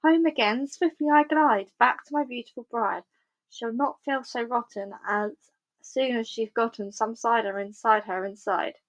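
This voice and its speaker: A woman voicing a cheerful, clever male fox in a storybook reading, bright and lively. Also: high-pitched, moderate pace, dull audio. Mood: singing. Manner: cheerful, sing-song.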